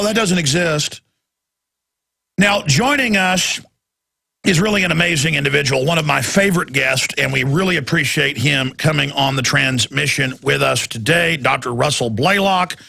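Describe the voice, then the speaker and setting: A man's voice: fairly high pitch, creaky, sharp tone, breathy edge. A man hosting a talk radio show, delivering an impassioned, ranting monologue into a studio microphone, often repeating words.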